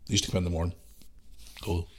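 A man's voice: on the low side, animated, brisk. A man, who has a cold, ranting casually and swearing freely as the solo host of his podcast. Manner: ranting, sweary, loose and rambling.

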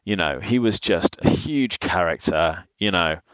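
Guy, really low voice, dry close mic, chatty and full of restarts. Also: measured pace, no room sound, rough recording. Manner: animated storyteller, many restarts. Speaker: brewery founder. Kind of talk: casual interview talk.

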